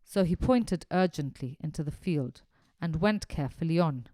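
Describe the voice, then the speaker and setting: Brief: expressive female storybook narrator, varied delivery, dry sound. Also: low-pitched, moderate pace, no room sound. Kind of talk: storybook reading.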